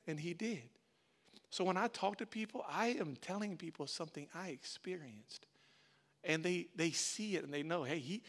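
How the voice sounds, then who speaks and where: A middle-aged man preaching a sermon as pastor. He moves from quiet storytelling to loud, animated preaching and calls on the congregation. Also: a little high. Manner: calls on the congregation, uses "y'all".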